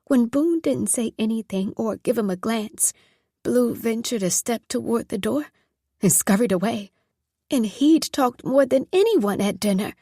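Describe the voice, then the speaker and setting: Husky-voiced woman narrating a story. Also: fairly high pitch, lively intonation, measured pace, warm tone, dry recording, studio quality. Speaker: audiobook narrator. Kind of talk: scripted narration.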